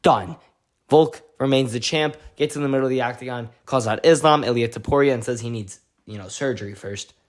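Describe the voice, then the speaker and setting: A male vlogger giving an excitable, slangy recap of a fight week, full of "like"s. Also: mid-range voice, brisk. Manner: excitable, slangy storytelling with many "like"s. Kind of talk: casual event recap vlog.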